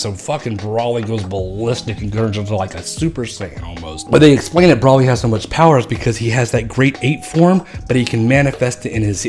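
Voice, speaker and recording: A man giving a casual, rambling movie review, retelling the plot with lots of swearing and excited asides. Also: medium pitch.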